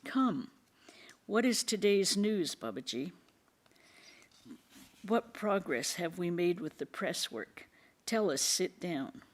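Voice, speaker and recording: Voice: mid-range voice, lively intonation, slow pace, pauses often. Reader voicing a scolding, commanding elder monk. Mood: welcoming.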